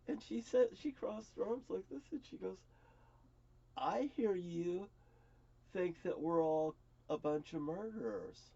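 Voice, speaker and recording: Man, middle-aged, rambling vlog monologue, profane, stammering, mellow tone, slightly high voice. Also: creaky, slightly rough, muffled recording. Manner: profane, stammering, repeats words. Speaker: vlogger. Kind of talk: rambling personal monologue to camera.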